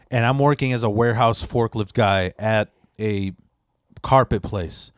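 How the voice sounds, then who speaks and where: Rambling, cussing podcast host. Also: male voice, lowish voice, fairly even intonation, smooth, no echo, studio quality. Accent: Chicago. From Polish background. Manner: loose, rambling, profane, quick to laugh. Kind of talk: casual chat.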